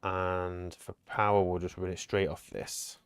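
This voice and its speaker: A gaming streamer with a low, smooth voice talks in a level, unhurried way, with no echo. He chats casually during co-op gameplay, thinking aloud and joking with his partner.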